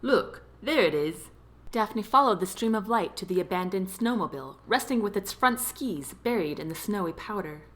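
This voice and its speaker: A woman narrating a romance novel as an audiobook, with expressive storytelling. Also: mid-range voice, a little fast, few pauses. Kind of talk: scripted narration.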